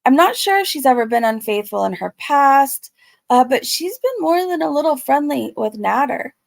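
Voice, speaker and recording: A woman's voice: high voice, big pitch swings, normal speed, creaky, no room sound, clean studio sound, full character voice. A woman voicing a firm man pressing for an apology over the phone, blunt and direct.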